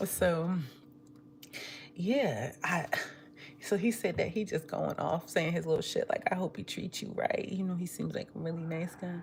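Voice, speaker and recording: A woman's voice: on the low side, measured pace, gravelly, long pauses, slight background noise. A woman livestreaming from home, telling gossipy stories in casual chat, acting out quotes and laughing often. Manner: laughs often while talking. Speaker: livestream vlogger. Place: at home, eating.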